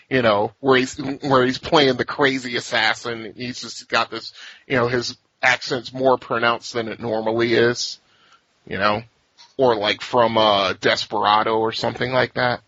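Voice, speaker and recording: Male host, casual rambler, laughs a lot, bright and breathy, lo-fi dry recording. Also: medium pitch, flat delivery, measured pace, dry recording. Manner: laughs often, rambling with restarts. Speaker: podcast host. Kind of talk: casual chat.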